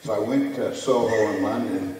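A man telling his story on stage at a low pitch, acting out quoted voices. His voice comes from a distance through a big, echoing hall with a long reverb tail. Faint room ambience sits underneath. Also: moderate pace, darkish tone, a little hiss or hum. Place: museum hall with audience. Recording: echoey hall, distant mic.

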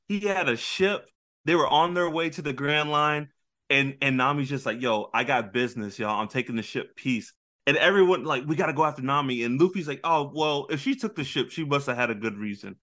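A man co-hosting a casual pop-culture podcast, retelling anime scenes with lively storytelling and acted-out character lines. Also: medium pitch, a little fast. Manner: animated storytelling, acting out characters with big voice jumps. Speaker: podcast co-host.

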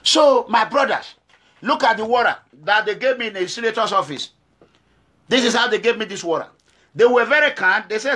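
High, bright-voiced Nigerian man ranting. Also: animated, brisk. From Nigeria, Edo State. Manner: emphatic, repetitive, full of rhetorical questions. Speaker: activist. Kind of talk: impassioned monologue to camera.

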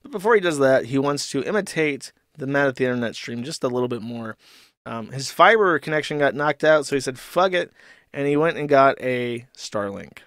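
A man's voice: mid-range voice, lively intonation, a little fast, fairly bright tone, no room sound, clean studio sound. A man hosting a casual commentary stream, reading posts aloud with sarcastic mockery. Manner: sarcastic, mocking, reads posts aloud in exaggerated voices. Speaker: streamer host.

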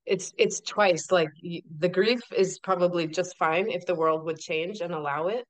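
A woman speaking as a podcast guest and author in casual interview chat, emphatic and animated, often asking rhetorical questions. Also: lowish voice, normal speed.

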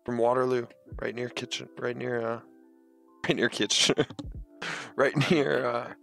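Gravelly young Canadian man chatting casually. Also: medium pitch, level tone, unhurried, fairly bright tone, faint music behind. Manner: laid-back, swearing, joking banter. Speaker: channel host opening card packs. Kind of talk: casual chat.

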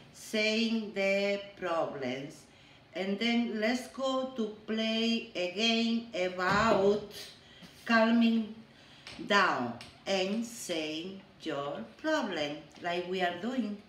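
A woman teacher giving a lesson to young children, talking in a slow, exaggerated, sing-song way. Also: mid-range voice. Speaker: preschool teacher. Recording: echoey room with faint hum.

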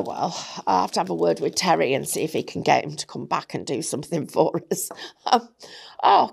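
A woman's voice: deep voice, gravelly, darkish tone, breathy edge. A woman giving a chatty, jokey craft demonstration, often correcting herself as she goes. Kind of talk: casual product demonstration.

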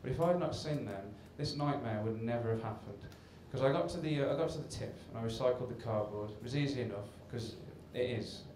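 A man's voice: medium pitch, a little fast, hardly any pauses, a little mellow. A man doing a stand-up routine on a comedy club stage, telling a rambling, self-deprecating story. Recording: echoey live club recording from far off with hiss.

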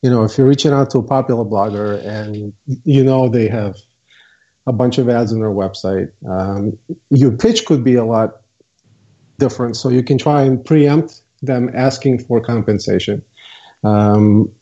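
A man with a mellow, relaxed voice explains his views in a measured, hesitant way, full of small fillers. The audio is dull and lo-fi. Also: mid-range voice. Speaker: guest, software co-founder. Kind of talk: casual interview talk.

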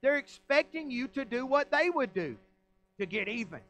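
High-voiced Southern pastor preaching. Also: male voice, big pitch swings, normal speed, fairly bright tone, lo-fi sound, faint music behind. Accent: Southern American. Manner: folksy, emphatic preaching with rhetorical questions. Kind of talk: sermon. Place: church sanctuary.

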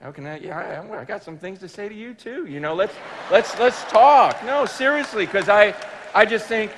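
A man preaching to a room, telling a personal story with animated, emphatic bursts of excitement. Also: high-pitched, fairly quick, long reverb tail, background noise. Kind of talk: storytelling sermon. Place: large room with an audience.

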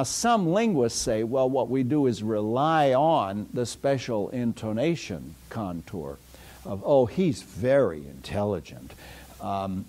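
An older man delivers a university philosophy lecture in a fairly low voice. He rambles and digresses, filling pauses with "uh" and restarting sentences. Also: a little mellow. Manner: rambling, digressive, many "uh" fillers. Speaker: philosophy professor. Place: lecture hall. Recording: lecture hall recording.

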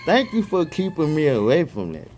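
A man praying fervently and reading scripture aloud outdoors, excitable and stumbling over repeated words, speaking each punctuation mark aloud. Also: a little high, moderate pace, faint music behind. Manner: reads punctuation marks aloud. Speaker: online Bible reader.

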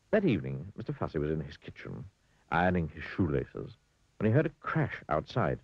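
A low, husky male narrator telling a children's cartoon story with wry humor. His pitch swings widely, and the dry, close sound carries a dull, lo-fi tone. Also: moderate pace, pauses often, no room sound. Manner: wry, dryly humorous, animated.

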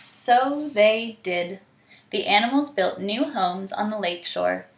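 A woman teacher reading a picture book aloud to children, animated and stopping to ask them questions. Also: medium pitch, takes it slowly. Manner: animated, asks the listener questions. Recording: roomy echo.

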